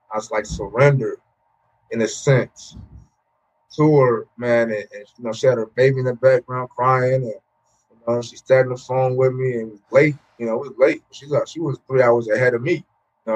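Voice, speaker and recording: A man in his thirties, a former pro football player, telling his story candidly in an interview, with many fillers and repeated words. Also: medium pitch. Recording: muffled, lo-fi sound.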